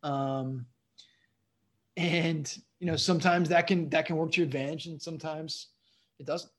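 A male stand-up comedian chatting as a guest, his voice sitting a bit high for a man. He rambles through his stories, circling back and filling gaps with "you know what I mean.". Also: fairly even intonation, moderate pace, a bit bright. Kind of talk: casual interview storytelling.

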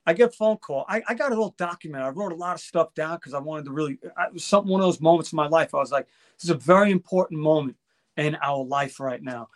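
A man's voice: a little high, fast. An older man telling a story in casual chat, acting out quoted voices and swearing freely. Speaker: guest musician.

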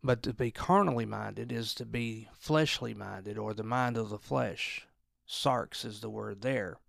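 A man's voice: fairly low pitch, a little slow, gravelly, a bit bright, no echo, clean studio sound. A man giving an informal Bible teaching in a conversational way, often restarting and repeating words as he explains.

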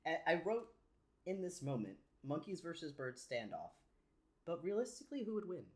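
Animated podcaster asking playful hypotheticals. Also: mid-range voice, moderate pace. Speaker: podcast co-host. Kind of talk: casual movie recap chat.

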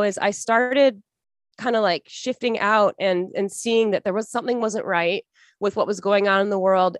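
A woman's voice: medium pitch, dry recording, clean studio sound. A young woman being interviewed as a podcast guest, telling her story in an earnest, emotional, rambling way with many restarts.

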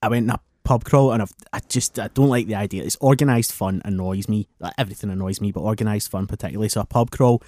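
A man with a slightly low voice rattles off wry, sweary anecdotes at a quick clip. It's casual podcast banter, recorded close and dry with no room sound. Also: dark tone, dry recording. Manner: wry, grumbling storyteller, swears freely. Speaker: podcast co-host. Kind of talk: casual drunk podcast chat.

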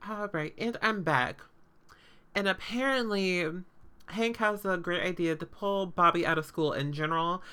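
A woman's voice: on the low side, moderate pace, sharp tone, clean tone. A woman hosting a podcast, recapping a show in casual, sarcastic chat full of fillers and swearing.

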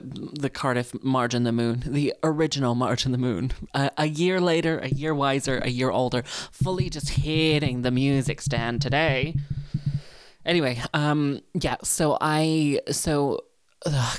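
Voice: mid-range voice, no room sound, studio quality. A young adult podcast host chatting alone in a rambling, self-mocking way, with lots of fillers and restarts. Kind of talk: casual solo podcast chat.

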